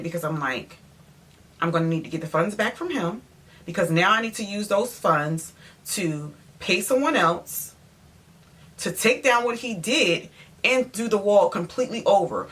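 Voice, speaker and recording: A woman interior designer tells a story in a vlog. She is animated and emphatic and speaks directly to her viewers. Her voice sits at a mid pitch.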